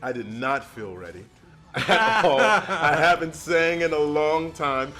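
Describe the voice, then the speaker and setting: A man's voice: a little high, lively intonation, slow, sharp tone, soft background music. A man interviewed as a performer guest, easygoing and modest. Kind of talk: interview answer.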